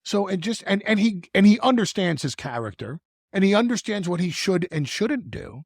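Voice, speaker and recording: A man talking as a guest in a podcast conversation, animated and repeating words as he restarts his thoughts. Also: high-pitched, moderate pace, no echo, studio quality. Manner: animated, stumbling restarts, stretches words for emphasis. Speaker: wrestling manager guest.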